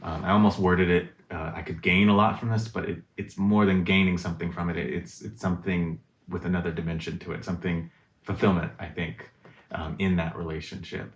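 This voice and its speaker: Speaking a little fast, a man with a low, fairly monotone voice muses aloud as a guest in a relaxed talk on relationships, searching for what to say. The room gives the audio a noticeable echo.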